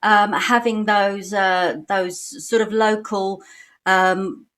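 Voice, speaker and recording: A woman's voice: medium pitch, fairly even intonation, takes it slowly, a bit bright. A middle-aged woman from Britain whose English accent carries a slight Australian twang. She chats easily as an interview guest over a video call and laughs often. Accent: British English with a slight Australian twang. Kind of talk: casual interview chat.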